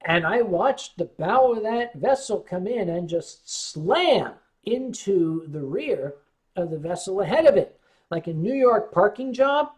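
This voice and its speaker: A man's voice: sits high, lively intonation, measured pace. An American man hosting a casual livestream, telling rambling stories with frequent stammered restarts. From United States. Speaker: livestream host.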